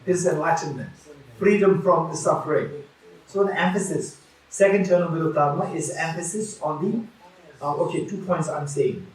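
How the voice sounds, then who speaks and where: A man's voice: a little high, normal speed, far from the mic. Man teaching dharma in an echoey hall. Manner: repeats key phrases, many restarts and fillers. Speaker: Buddhist teacher.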